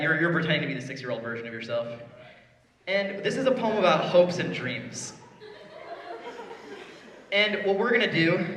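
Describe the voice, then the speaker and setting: This is a man performing spoken word live, his voice a bit high and bright. He talks with teasing energy and swings from near-whispers to shouts. He sounds distant from the mic, with a long echo off a big hall. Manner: animated, teasing, swings between hushed and yelling. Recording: echoey hall, voice caught from a distance.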